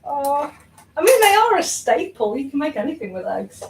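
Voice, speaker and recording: Very animated and high-pitched, this young baking vlogger talks at normal speed while baking at home, rambling, self-mocking, and full of ums and laughter. The recording has a slight hiss or hum, with her voice distant in a roomy kitchen.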